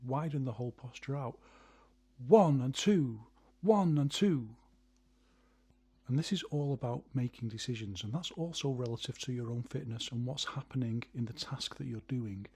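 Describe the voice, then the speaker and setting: Husky guy explaining punch combos, counts out one two three, mid pitch. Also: fairly quick, hardly any pauses. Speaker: martial arts instructor. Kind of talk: instructional video narration.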